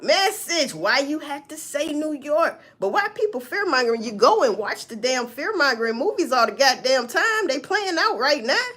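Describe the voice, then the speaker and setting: A woman vlogger talking through a news story in casual, profane, animated commentary, often answering her own questions. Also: fairly high pitch. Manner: profane, animated, talks back to herself.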